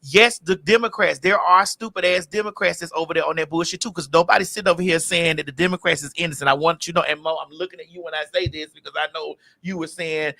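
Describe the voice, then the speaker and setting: A man talking animatedly in a casual podcast, stumbling over restarts and swearing freely. His voice is bright and tense and sits a little high. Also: fast, gravelly, hardly any pauses. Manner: animated, stammering restarts, profane. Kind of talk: casual chat.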